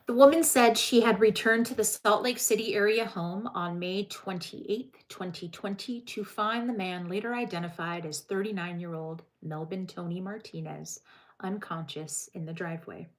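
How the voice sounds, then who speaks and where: Woman on a livestream reading crime news, chatting w her viewers between bits, mid pitch. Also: normal speed. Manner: reads news aloud, breaks off to chat with live chat. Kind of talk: casual livestream chat.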